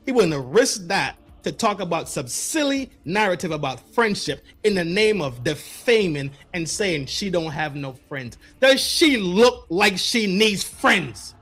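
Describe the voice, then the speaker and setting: A man hosting a podcast, delivering a mocking commentary rant with rapid-fire repeated words. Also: high-pitched, a bit bright. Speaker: podcast host.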